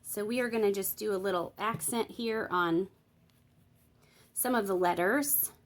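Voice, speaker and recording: Speaking a little slowly with a mid-range voice, a woman walks viewers through Bible journaling in a relaxed tutorial. As she works she thinks out loud, lays out every step, and checks in with her audience.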